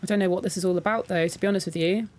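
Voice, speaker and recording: A woman's voice: fairly low pitch, steady tone, very fast, a little mellow. A woman doing casual let's-play commentary, chatty and reactive, reading in-game documents aloud and talking straight to her viewers. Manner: talks to her viewers directly. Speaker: gaming content creator.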